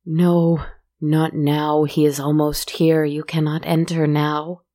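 A woman's voice: deep voice, flat delivery, takes it slowly, mellow. A woman voicing a vain wealthy woman who is panicked and desperate, crying out in frantic pleas. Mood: pleading. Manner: frantic, pleading.

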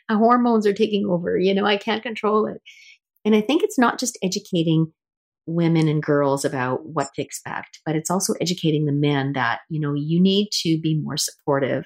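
A woman's voice: low voice, brisk. A middle-aged woman hosting a casual interview, telling stories in a chatty way with many restarts. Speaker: host.

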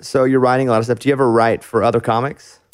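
A man hosting a podcast, asking relaxed questions and joking with his guest in casual chat. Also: mid-range voice, rapid-fire, smooth, no room sound, studio quality. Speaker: podcast host.

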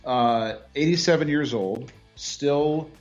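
A man's voice: fairly high pitch, slow, faint music behind. A man co-hosting a sports podcast, making his case in casual chat. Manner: opinionated, arguing his case. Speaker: podcast co-host. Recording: dull lo-fi sound.

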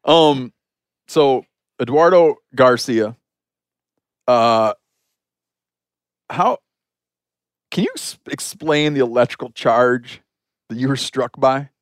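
A man hosting a podcast, telling an anecdote in a chatty, animated way full of "like" fillers. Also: medium pitch, takes it slowly, long pauses, no room sound, studio quality. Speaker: podcast host. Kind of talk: casual storytelling conversation.

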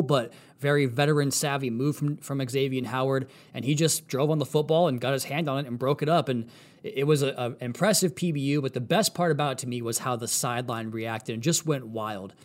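Guy hosting a football pod, all pumped up, talking quick, regular mid voice. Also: medium pitch. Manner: excited, fast-talking. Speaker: podcast host. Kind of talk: solo sports podcast analysis.

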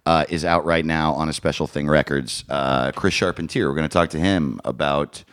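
A man's voice: rumbling low, fairly even intonation, moderate pace, a bit bright, no echo, studio quality. A man hosting a comedy podcast in casual chat, laughing often and swearing freely. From New York State. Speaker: podcast host.

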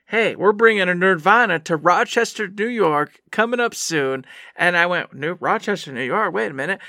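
Bright-voiced excitable man chatting. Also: high-pitched, dry recording, studio quality. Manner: excited, rambling storyteller. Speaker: podcast co-host. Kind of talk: casual chat.

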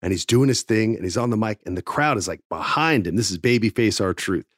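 A man, a former wrestling TV writer, telling a casual backstage story with lively acted-out quotes and free swearing. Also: fairly low pitch, brisk, no echo, clean studio sound. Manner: animated, swears freely, acts out quotes.

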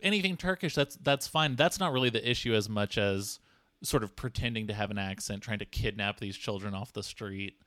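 A man's voice: lowish voice, brisk, fairly bright tone, no room sound. A man co-hosting an improv comedy chat, probing with wry questions.

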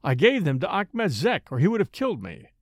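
A man's voice: high voice, wildly swooping pitch, fairly quick, no echo, clean studio sound, exaggerated voice. A man reading an audiobook, voicing a frightened adult thief who begs desperately for his life. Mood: pleading. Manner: pleading, desperate.

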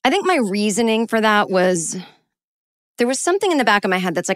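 A woman tells a personal story in a lively, self-mocking way and acts out what people said. Her voice sits in a mid range. The recording is dry and close, with no room sound. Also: mid-range voice, a little fast, dry recording. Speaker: storyteller guest.

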